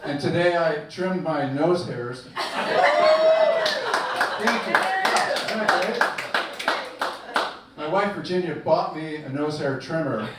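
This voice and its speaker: A man's voice: on the high side, expressive, takes it slowly, pauses often. Older man doing dry stand-up in an echoey club. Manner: self-deprecating, dry delivery. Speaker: stand-up comedian. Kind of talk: stand-up comedy set. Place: comedy club stage. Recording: echoey club with far mic and loud noise.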